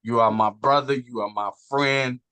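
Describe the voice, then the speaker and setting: A man, talking casually and earnestly as a guest, animated and swearing now and then. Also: medium pitch, moderate pace, smooth, dry recording. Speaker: guest on a wrestling talk show. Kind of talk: casual heartfelt chat.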